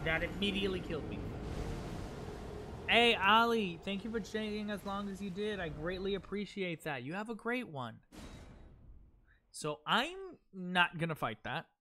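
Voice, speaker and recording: A bright, high-pitched young man commenting on his game live over a desk mic. He chatters excitably, coaches himself out loud and stops to thank viewers in chat. A faint hiss of room noise sits under his voice. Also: a little slow. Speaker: gaming livestreamer.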